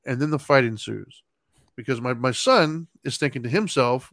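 A man's voice: medium pitch, moderate pace, no echo. A middle-aged man telling a story in a casual chat, laughing as he goes and acting out other people's lines. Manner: animated, laughs while telling, acts out his kids' lines. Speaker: podcast co-host.

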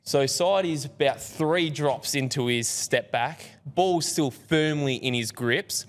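A young man telling a self-mocking story as a podcast guest, animated and joking. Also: fairly high pitch, slow pace, big-room sound. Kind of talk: casual storytelling. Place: podcast studio.

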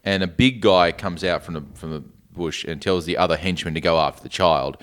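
A man's voice: low-pitched, brisk. A man in casual movie chat, telling the story with lots of laughter. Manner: lively storytelling, acts out characters, laughs. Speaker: podcast co-host.

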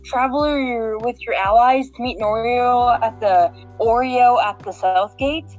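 Rambling woman with a high voice. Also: measured pace, faint music behind, poor audio. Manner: rambling, full of fillers and restarts. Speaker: game walkthrough guide. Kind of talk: casual walkthrough chat.

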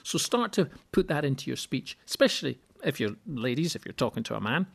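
A man's voice: mid-range voice, fairly quick, gravelly, slightly rough. A middle-aged man hosting a solo instructional podcast who talks in an explanatory way and often repeats a word while he finds the next one. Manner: explanatory, repeats words while thinking, animated when quoting people. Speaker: podcast host and seminar speaker.

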